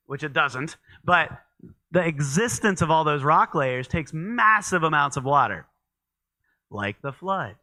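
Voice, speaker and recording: Bright, clear-voiced man preaching casually. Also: on the high side. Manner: conversational, with frequent fillers and restarts. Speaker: pastor. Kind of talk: midweek church teaching. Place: church.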